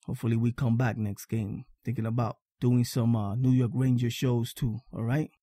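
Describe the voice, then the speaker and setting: A man's voice: mid-range voice, level tone, moderate pace, mellow, dry recording, studio quality. A man hosting a casual sports fan podcast, talking emphatically, repeating his points and checking in with "all right?". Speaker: podcast host.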